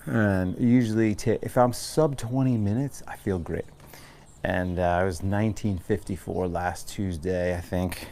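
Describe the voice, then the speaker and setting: A man's voice: low-pitched, fairly even intonation, a little slow, warm tone, a little hiss or hum. An American man from Long Island, a yoga teacher talking earnestly and rambling with many restarts before guiding a class. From Long Island, New York. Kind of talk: casual yoga class talk.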